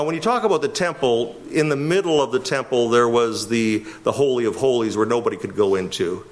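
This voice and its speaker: A middle-aged man from Canada giving expository Bible teaching as a pastor, emphatic and often chuckling. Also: medium pitch. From Winnipeg, Canada.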